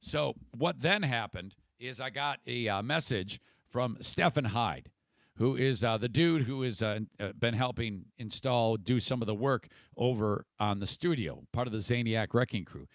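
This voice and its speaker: Speaking at a medium pitch and measured pace, a podcast host rambles through a casual livestream monologue, irritable, swearing freely, and restarting sentences. There's no echo on the recording.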